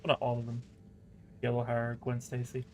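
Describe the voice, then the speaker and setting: A man's voice: mid-range voice, monotone, moderate pace, slight background noise. A man hosting a casual let's-play stream, joking, laughing often and drifting into rambling tangents. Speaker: gaming channel host.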